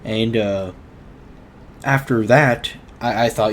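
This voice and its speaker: A man's voice: mid-range voice, lively intonation, slow, a little hiss or hum. A young man hosting his own show, telling a personal story in a rambling, earnest way full of fillers. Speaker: show host. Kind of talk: casual storytelling vlog.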